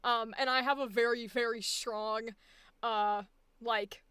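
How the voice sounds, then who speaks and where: A woman's voice: a little high, steady tone, slow, pushed and bright, smooth, no echo. An American woman coaching voice acting live, blunt and profane, laughing often. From United States. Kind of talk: live-streamed coaching session.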